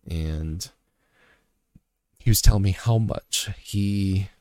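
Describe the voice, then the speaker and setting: A man's voice: low voice, slow pace, mellow, no room sound. A man sharing a personal story as a father in an earnest, repetitive, reflective motivational faith talk.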